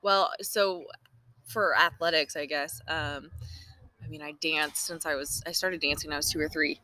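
A woman in her twenties, a guest on a casual podcast, relaxed and thinking aloud with ums. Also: low-pitched, moderate pace, no room sound.

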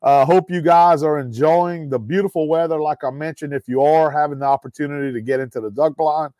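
A man's voice: on the high side, fairly even intonation, brisk, dark tone, no room sound. A man hosting a casual podcast in a folksy way, with lots of "uh" fillers, and calling his listeners guys. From Louisiana. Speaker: podcast host.

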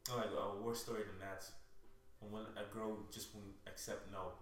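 Young male co-host, opinionated banter, low voice, distant in an echoey room. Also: flat delivery, moderate pace. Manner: joking banter, opinionated asides. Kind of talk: casual chat. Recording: echoey room, distant mic, faint noise.

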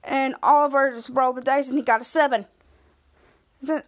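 A woman's voice: high-pitched, fairly quick, long pauses. A woman podcast host casually recapping a TV episode, retelling each scene and raising her voice for the quoted lines.

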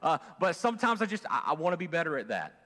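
A man preaching a sermon in a relaxed, conversational way, his slightly high voice swinging lively up and down as he leans into points and drops to near quiet. A long reverb from a church hall trails his words. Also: fast talker. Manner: conversational preaching, swinging from loud emphasis to quiet, with fillers and restarts. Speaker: pastor. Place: church sanctuary.

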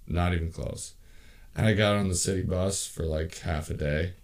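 A man in his thirties with a fairly low voice, chatting on a podcast. He jokes around and tells animated stories about his kids and childhood, his voice jumping up when he gets excited. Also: normal speed, creaky. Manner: joking, animated storyteller. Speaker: podcast co-host. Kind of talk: casual chat.

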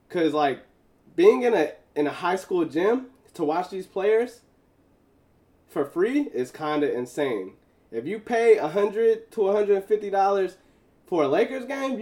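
A high-voiced man speaks to his audience in a casual monologue, spinning a personal story. His delivery is animated and full of slang, with easy laughter along the way. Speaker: vlogger telling a story.

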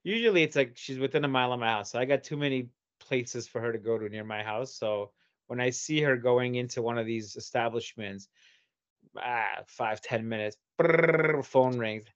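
A man hosting a podcast, telling stories in a casual, profane, animated way and acting out what people said. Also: mid-range voice, normal speed, no room sound. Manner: animated, profane, acts out quotes. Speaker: podcast host. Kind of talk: casual chat, storytelling. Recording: dull lo-fi audio.

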